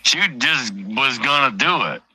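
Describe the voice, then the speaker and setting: Blunt, foul-mouthed man with a bright voice. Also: mid-range voice, lively intonation, unhurried, breathy edge, no room sound, low-quality recording. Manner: blunt and heavily profane, repeats phrases. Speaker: livestream host. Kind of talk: casual livestream storytelling.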